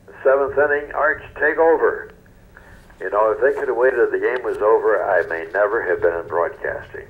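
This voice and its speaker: An older man with a very low, deep voice recalls his broadcasting days in a folksy, unhurried way, often trailing off softly. The sound is dull and lo-fi, like an old radio recording. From North Carolina, US. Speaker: interview guest, retired newscaster. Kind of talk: relaxed storytelling interview.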